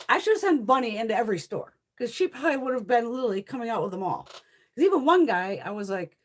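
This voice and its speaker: A Connecticut woman with a fairly high, very animated voice talks fast as a beauty haul vlogger. She tells a story casually, swearing constantly and laughing as she goes.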